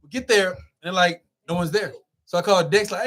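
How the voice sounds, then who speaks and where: A young man telling a road story in casual, animated talk, swearing as he goes. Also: high voice. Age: young adult. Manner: animated, swearing, quick rambling with loud swings. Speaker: guest.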